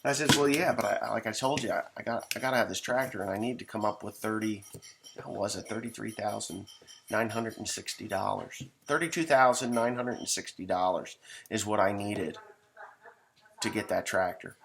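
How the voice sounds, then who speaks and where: Gravelly folksy farmer man, rambling. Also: fairly low pitch, normal speed, a bit bright, slight background noise. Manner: rambling, folksy, swears casually. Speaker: farmer telling stories. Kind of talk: casual storytelling monologue.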